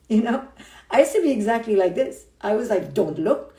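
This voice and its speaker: A woman's voice: on the high side, expressive, moderate pace, dark tone. A middle-aged woman psychologist giving a frank motivational talk on a live stream, blunt and emphatic, often checking in with her listeners. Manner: emphatic and blunt, keeps checking in with "okay?" and "right?". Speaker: psychologist and speaker. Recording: roomy echo.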